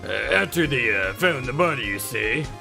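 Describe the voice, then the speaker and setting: A player reading as a fussy, halting old judge. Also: mid-range voice, animated, vocal fry, music in the background. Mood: hesitant. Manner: halting, full of uhs. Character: older male judge, hesitant and fussy.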